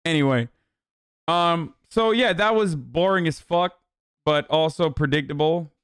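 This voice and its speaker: A man's voice: a little high, measured pace, fairly bright tone, clean tone, no echo, clean studio sound. Profane, exasperated young male streamer. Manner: blunt, profane, exasperated ranting. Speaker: streamer and political commentator. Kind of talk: casual livestream commentary.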